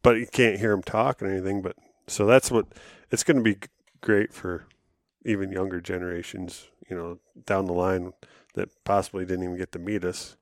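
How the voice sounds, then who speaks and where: A man co-hosting a podcast talks in a relaxed, rambling way, trailing off into fillers. His voice sits fairly low and sounds dry and close. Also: normal speed, no echo. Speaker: podcast co-host. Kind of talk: casual chat.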